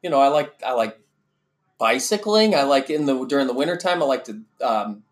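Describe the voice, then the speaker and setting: A man from Iowa, relaxed and jokey, chatting as an interview guest. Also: medium pitch, brisk. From Cedar Rapids, Iowa. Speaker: school staff member, interview guest. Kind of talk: casual interview chat.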